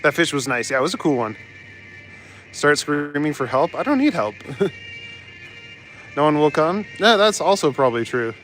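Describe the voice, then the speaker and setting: A man's voice: fairly high pitch, expressive, normal speed, long pauses, fairly bright tone, soft background music. A young man in casual chat as a live streamer, walking outdoors through city streets and chuckling as he answers his chat. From Canada. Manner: laid-back, chuckles often, reads out chat.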